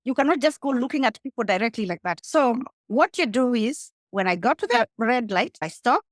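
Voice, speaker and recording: Talking fairly quickly in an expressive, higher-pitched voice, this rideshare entrepreneur with a Kenyan accent makes her points forcefully as an interview guest, speaking straight to the listener. The casual conversation is captured cleanly in a studio with no echo.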